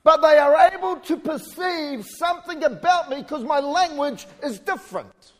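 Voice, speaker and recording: A man from New Zealand with a New Zealand accent, preaching a sermon in a conversational way with joking asides and shouted emphasis. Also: very high voice, normal speed. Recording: hall reverb.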